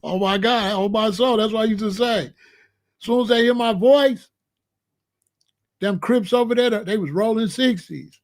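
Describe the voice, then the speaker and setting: High-voiced man from Chicago telling stories. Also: normal speed, long pauses. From Chicago, USA. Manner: animated, slangy, acts out the other people's lines. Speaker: show host. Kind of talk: casual storytelling monologue.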